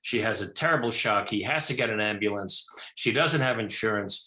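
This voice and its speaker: Older male director guest, animated anecdote teller, bright voice, roomy studio sound. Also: fairly low pitch, a little fast. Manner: animated storyteller, many restarts and fillers. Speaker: film director and actor, guest. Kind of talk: talk show interview.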